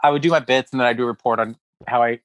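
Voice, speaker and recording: A man's voice: medium pitch, racing, no room sound. A male comedian and writer, a guest on a chat show, telling a long funny anecdote with laughs and acted-out quotes. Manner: animated anecdote-teller who keeps acting out quotes; laughs often mid-story. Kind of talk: casual storytelling chat.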